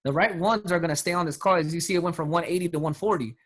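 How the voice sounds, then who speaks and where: A man's voice: fairly high pitch, very fast, fairly bright tone. A man coaching his sales team on a call, talking emphatically in casual slang. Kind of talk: motivational talk on a team call.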